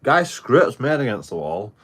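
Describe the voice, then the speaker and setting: This streamer's profane, meandering anecdote comes with frequent restarts as he chats casually with viewers. His mid-range voice is fairly bright and very animated, at an ordinary speed.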